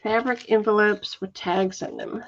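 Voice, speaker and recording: A woman hosts a relaxed live sale, chatting in a slow, soft, warm way with lots of fillers and reading viewer comments aloud. Her mid-range voice keeps a steady tone, and the livestream audio sounds dull and lo-fi.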